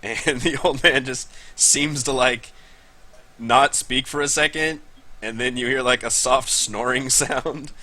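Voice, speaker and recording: Slow, bright-voiced male game master. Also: medium pitch, fairly even intonation. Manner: slow, chuckling narration. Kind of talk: narrating a tabletop game.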